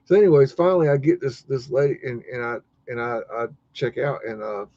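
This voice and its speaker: A man's voice: mid-range voice, expressive, fairly quick, darkish tone, dry recording. A man hosting a live stream, telling a rambling story full of cursing and restarts, sounding exasperated. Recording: dull lo-fi dry sound.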